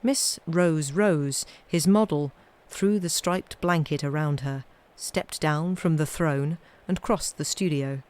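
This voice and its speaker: A woman's voice: sits low, slow, hardly any pauses. Wry woman reading ghost stories. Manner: chatty, wry, trailing off quietly. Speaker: storyteller streaming live readings. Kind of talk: reading ghost stories aloud with casual chat between.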